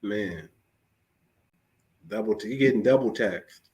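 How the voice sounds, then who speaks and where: A man's voice: lowish voice, takes it slowly, darkish tone. A man hosting a podcast, exhorting his listeners in a preachy tone and driving every point home with repeated phrases. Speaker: podcast host. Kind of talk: casual preachy podcast talk.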